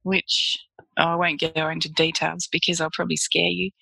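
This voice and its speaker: A woman's voice: low-pitched, little pitch movement, moderate pace, vocal fry, bright, forceful tone, husky, no room sound, low-quality recording. An Australian woman, a photographer, chatting as an interview guest and telling stories with frequent laughter. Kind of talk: casual storytelling interview.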